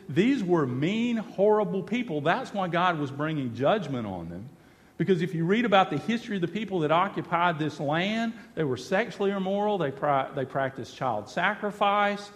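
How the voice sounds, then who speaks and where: A man's voice: high-pitched, lively intonation, moderate pace, in a large hall. A man preaching a sermon, repeating phrases for emphasis and speaking quoted lines of God and the people. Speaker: pastor.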